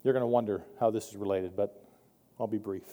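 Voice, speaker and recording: A man's voice: fairly low pitch, fairly even intonation, brisk, mellow. A pastor gives a sermon in a conversational, wry way, often restarting his sentences. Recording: long hall reverb.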